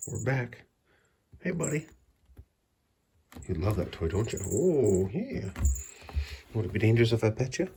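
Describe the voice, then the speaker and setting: A man's voice: mid-range voice, big pitch swings, measured pace, gravelly, long pauses, warm tone, slight background noise. A man talking baby talk to his cat at home, cooing in a raised sing-song voice while he films it playing. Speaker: pet owner filming his cat. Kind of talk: casual baby talk to a pet. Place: home indoors.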